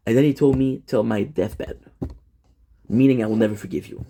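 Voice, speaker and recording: A man's voice: medium pitch, a little fast, creaky, warm tone, slight background noise. A man in casual personal talk to camera, emotional and repetitive, swearing often. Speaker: vlogger.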